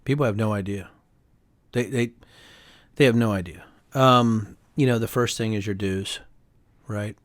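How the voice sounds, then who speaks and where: A man's voice: on the low side, a little slow, pauses often, no room sound. A middle-aged man, a congressman and author, talking as an interview guest in a heated, emphatic way, tagging his points with "right?". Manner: emphatic and heated, quotes others in voices, sprinkles "right?". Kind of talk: animated interview talk.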